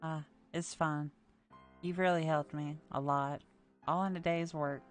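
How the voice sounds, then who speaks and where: A woman voicing a calm, matter-of-fact male hospital doctor in a story game, reading him in a low voice. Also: measured pace, faint music behind. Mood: businesslike.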